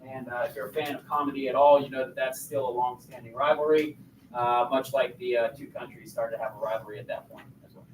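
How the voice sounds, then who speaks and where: A man's voice: medium pitch, steady tone, quick pace, a little hiss or hum. A male teacher giving a casual classroom lecture and quizzing his students with questions. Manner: conversational, asks the class questions. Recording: echoey classroom, voice from a distance.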